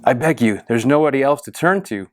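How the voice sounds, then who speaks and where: A man's voice: medium pitch, animated, fairly quick, dry recording, studio quality, voice pushed up, close to an everyday voice. Man reading as a desperate woman data scientist. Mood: pleading. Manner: urgent and pleading.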